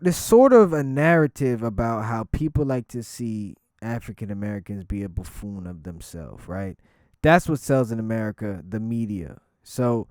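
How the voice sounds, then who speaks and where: A man's voice: medium pitch, no room sound, clean studio sound. A man hosting his own vlog, telling stories in a casual, profane way and breaking into laughter. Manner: animated, laughing storyteller. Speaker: commentary vlog host.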